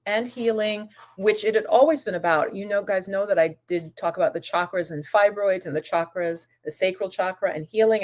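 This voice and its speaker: Chatting on a live stream for her holistic wellness channel, a mid-range-voiced woman responds to comments casually, addressing viewers as my love and goddess. Her talk meanders, full of asides and restarts.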